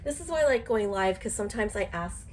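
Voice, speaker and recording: A middle-aged woman who collects dolls chats on a live stream with a cold, sounding congested. She rambles fast with fillers and restarts, in a medium-pitched voice with lively intonation and slight background noise.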